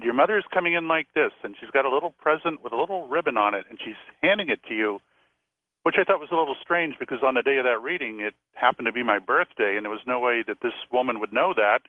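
A man's voice: medium pitch, no echo. Man, radio guest, chatty storyteller, phone-line sound, dry. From Florida. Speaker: psychic and former police officer, radio guest. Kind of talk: storytelling on a call-in radio show.

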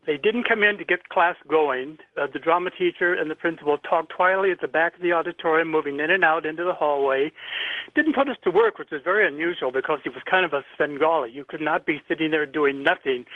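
An older man from Indiana tells a personal story as a radio caller, his fairly high voice coming over a tinny phone line. He speaks earnestly and vividly and clears his throat from time to time. The sound is dry and close. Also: no echo. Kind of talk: telling a personal story on a call-in radio show.

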